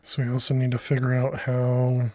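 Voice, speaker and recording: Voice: medium pitch, completely flat delivery, normal speed, dark tone, no echo, clean studio sound. A game streamer talking through a build during a live stream, muttering and restarting sentences as they think aloud, from a home room on a desk microphone. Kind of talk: casual live-stream gameplay commentary.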